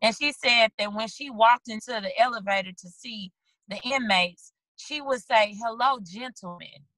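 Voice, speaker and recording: Bright, earnest woman from St. Louis. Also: fairly high pitch, normal speed, no room sound, rough recording. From St. Louis, USA. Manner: earnest, rambling, animated storyteller. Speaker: guest author. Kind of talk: casual interview over video call. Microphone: video call.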